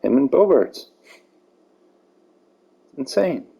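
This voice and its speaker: Male gamer, husky and gravelly, cursing through casual play-by-play and blowing up at calls. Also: medium pitch, very animated, takes it slowly, dark tone, low-quality recording. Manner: profane, ranting, gets heated over calls. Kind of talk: casual gameplay commentary.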